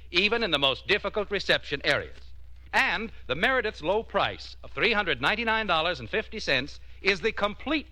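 A man's voice: high voice, bright, forceful tone. A man announcing a commercial and introducing a radio program, in a polished, emphatic delivery. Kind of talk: scripted commercial read.

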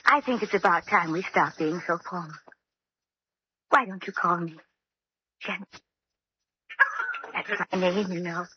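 An actress playing a demure, sweetly flirtatious spinster in a 1940s radio comedy, speaking coyly. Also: female voice, on the low side, a little slow, long pauses, breathy edge. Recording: hissy lo-fi old radio recording.

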